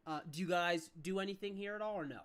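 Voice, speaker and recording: A game master describing the scene in a tabletop game, at a middle pitch. The narration rambles and is packed with fillers as the speaker searches for words. The delivery is casual and unscripted. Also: quick pace, slight background noise.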